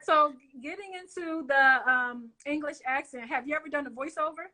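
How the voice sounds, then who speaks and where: A woman's voice: sits high, normal speed, sharp tone. A middle-aged woman hosting a casual interview, chatty and laughing often as she talks straight to her viewers. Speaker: show host.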